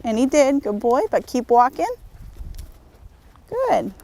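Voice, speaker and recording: A horse trainer with a fairly high voice calmly and patiently teaches as she works a young horse in an outdoor arena, giving steady instructions mixed with soft praise. Hoofbeats sound behind her, her pace is moderate, and the recording is rough.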